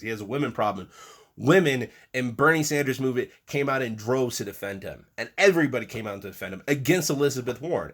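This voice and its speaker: Male commentator ranting on politics, mid-pitched, profane, exasperated, mocking, loud bursts falling to mutters. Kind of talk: angry political rant.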